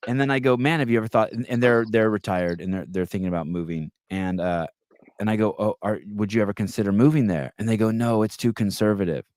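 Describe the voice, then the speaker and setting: A man hosting a podcast, chatting casually and telling stories with quick back-and-forth retorts. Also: lowish voice, no echo, studio quality. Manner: animated storyteller, quick retorts. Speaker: podcast host. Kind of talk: casual chat.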